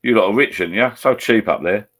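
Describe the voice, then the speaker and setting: A man's voice: lowish voice, quick pace, fairly bright tone. A man with an Essex accent hosting a live stream from home, chatting in a rambling, blokey way. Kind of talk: casual banter over a video call. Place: at home beside a laptop.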